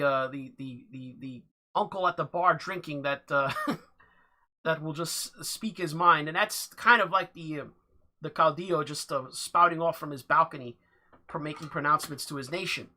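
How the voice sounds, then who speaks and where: A livestream host giving political commentary, partly reading an article aloud at a steady, measured pace. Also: mid-range voice. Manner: halting, with many fillers and restarts.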